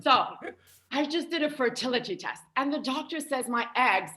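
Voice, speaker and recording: A woman's voice: sits high, lively intonation, normal speed, pushed and bright. A young woman from France doing a stand-up comedy set, chatty and playful, with light laughter in her delivery.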